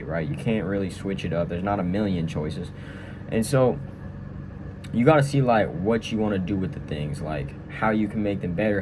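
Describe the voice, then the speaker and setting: Young man rambling with room hum. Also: on the low side. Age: young adult. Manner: rambling, many fillers and tag questions. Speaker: vlogger. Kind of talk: casual storytelling and tutorial. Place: room at a training school.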